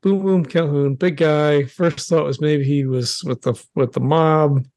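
A man with a New York accent playing a tabletop role-playing game, talking in a hesitant, halting way. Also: a little high, fairly even intonation, darkish tone, no room sound. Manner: hesitant, halting, lots of restarts. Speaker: player.

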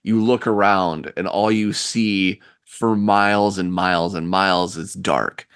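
A man narrating a tabletop role-playing scene as game master, describing it slowly with restarts. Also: sits low, fairly even intonation, a bit bright, smooth, no echo, studio quality.

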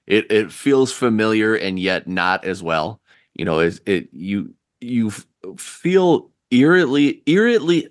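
A man narrating a tabletop role-playing scene as game master, describing it slowly with restarts. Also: lowish voice, dry recording, clean studio sound.

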